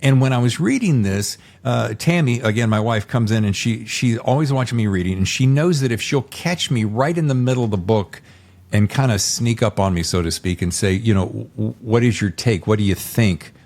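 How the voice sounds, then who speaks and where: A man's voice: mid-range voice, animated, a little fast, a little mellow. A man hosting a podcast interview, talking in an enthusiastic, rambling way. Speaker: podcast host. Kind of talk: casual interview chat.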